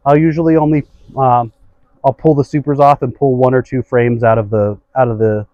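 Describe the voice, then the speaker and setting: A man's voice: mid-range voice, fairly even intonation, brisk, no room sound, muffled recording. A man working as a beekeeper, patiently explaining what he does while he inspects a hive outdoors. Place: outdoors at a beehive.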